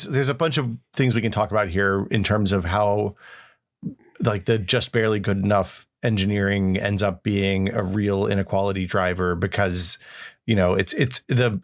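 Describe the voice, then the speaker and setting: Man co-host, casual tech chat, lowish voice, thoughtful and example-driven, restarts often. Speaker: podcast co-host.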